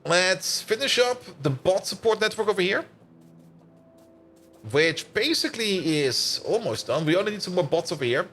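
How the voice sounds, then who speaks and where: A tired male streamer talks through his gameplay in a loose, rambling way, laughing often and swearing casually. His voice sits high for a man and swings widely in pitch, lively and animated. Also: normal speed, faint music behind.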